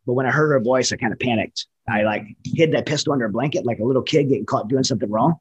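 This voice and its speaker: A man's voice: medium pitch, fast talker, breathy edge, dull audio. A man who served in the military giving an earnest, candid personal testimony in conversation, often restarting his sentences. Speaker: military veteran guest.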